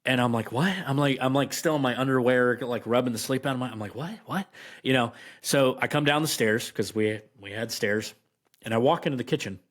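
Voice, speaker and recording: A man's voice: mid-range voice, steady tone. Man telling a story, rambling and emphatic. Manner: rambling, many fillers and restarts, slow emphatic stresses. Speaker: podcast guest. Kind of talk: casual storytelling.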